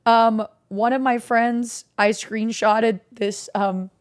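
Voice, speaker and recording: A young woman streamer casually recapping stories to her chat, animated and swearing freely. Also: on the high side, slow pace, clean tone.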